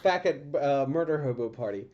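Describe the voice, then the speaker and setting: A man narrating as game master, pausing often with ums and restarting sentences. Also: mid-range voice, expressive, a crowd in the background. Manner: hesitant, many ums and restarts. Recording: dull lo-fi stream audio with faint music.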